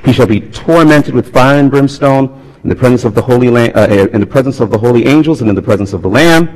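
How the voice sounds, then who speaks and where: A male pastor preaching a sermon, swinging between loud appeals and hushed, quiet tones. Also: mid-range voice, fast talker. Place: church sanctuary. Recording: long reverb of a large hall.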